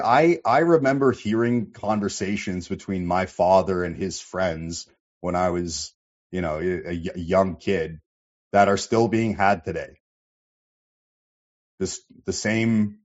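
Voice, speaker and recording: Deep guy streaming, rambly and sweary, muffled lo-fi audio. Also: darkish tone. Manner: rambling, profane, many fillers. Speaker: livestream host reading chat. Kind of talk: casual livestream chat.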